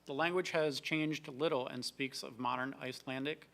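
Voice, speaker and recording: A man's voice: mid-range voice, steady tone, normal speed, gravelly, a bit bright. A man co-hosting a live trivia show, reading out fun facts and chatting between questions. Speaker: trivia co-host.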